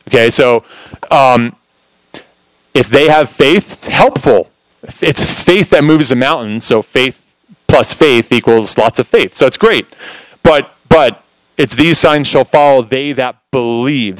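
A man with a mid-range voice preaches a casual sermon, sharing his testimony in an animated storytelling style full of "like" fillers. The low-quality recording has no echo.

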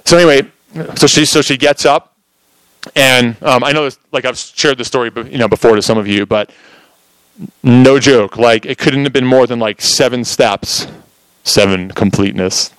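A man preaching in a casual sermon, telling a testimony in an animated, storytelling way, with lots of "like" fillers. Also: medium pitch, moderate pace, clear, resonant tone, dry recording, poor audio.

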